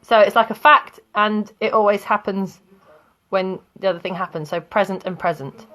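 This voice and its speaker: A woman's voice: medium pitch, steady tone, moderate pace, sharp tone. A woman teaching English grammar in a live online lesson, chatting with students and laughing often.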